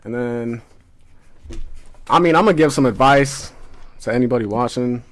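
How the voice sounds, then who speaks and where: A man's voice: medium pitch, normal speed. A young man, a podcast guest telling stories in laid-back casual chat. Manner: laid-back storytelling, frequent swearing.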